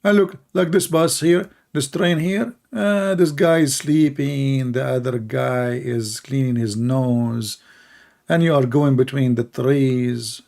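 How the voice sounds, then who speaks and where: A man's voice: mid-range voice, steady tone, slow pace, gravelly, a little mellow. A man hosting a livestream in casual, rambling commentary, sarcastic and full of fillers. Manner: sarcastic, mocking asides. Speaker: livestream host.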